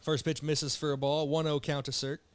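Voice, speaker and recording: A young man from South Dakota calling baseball play-by-play with relaxed, joking banter between pitches while fighting the hiccups. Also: fairly quick, clear, resonant tone. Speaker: play-by-play announcer.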